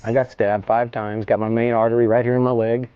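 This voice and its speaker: A middle-aged man telling a story in a casual interview, animated and swearing, acting out the scene. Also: brisk, smooth, no room sound, lo-fi sound, soft background music. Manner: animated, swearing, acts out the scene with jumps in pitch. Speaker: interview guest.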